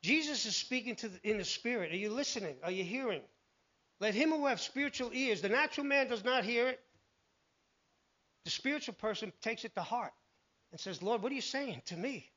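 High-voiced man preaching a sermon. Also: fairly quick. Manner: animated storytelling, acting out voices. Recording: dull lo-fi recording.

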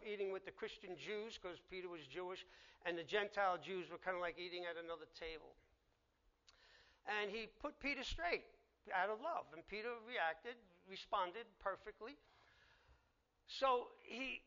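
A man gives a conversational sermon, voicing the people in his story as he goes. His voice sits high and sounds bright. The recording is dull and lo-fi. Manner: conversational preaching, acts out dialogue. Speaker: preacher.

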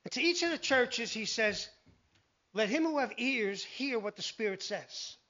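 A man preaching a sermon, animated, telling Bible stories and acting out the voices in them. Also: extremely high pitch, measured pace. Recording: dull lo-fi recording.

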